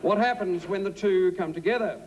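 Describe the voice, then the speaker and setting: A man's voice: high-pitched, moderate pace, muffled recording. A man moderating a debate, introducing speakers with dry, pun-filled wit on a theatre stage. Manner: dry, wordplay-laden.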